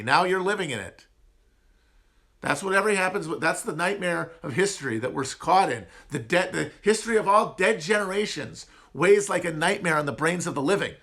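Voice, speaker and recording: A man's voice: a little high, fairly bright tone. Nasal upper Midwest man rambling. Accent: upper Midwest American. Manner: rambling, digressive, self-mocking. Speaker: podcast host answering chat. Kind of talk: casual livestream chat.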